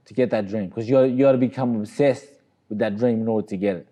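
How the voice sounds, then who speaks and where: A man's voice: lowish voice, steady tone, fast talker, warm tone. A middle-aged Australian man telling a long story in a casual, rambling way, often saying "you know what I mean". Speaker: interview guest, boxer.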